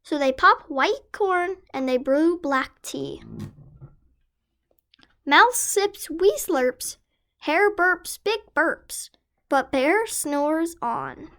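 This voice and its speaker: A woman's voice: sits high, lively intonation, extremely slow, pushed and bright. A woman reading a children's picture book aloud in a sing-song, rhyming delivery. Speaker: storyteller.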